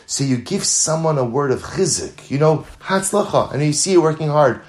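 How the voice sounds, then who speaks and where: In a fairly high voice and at a moderate pace, a male Torah teacher conducts a Talmud class with real earnestness. He leans on repeated phrases, blends in Hebrew and Yiddish vocabulary, and builds toward spirited, louder sections.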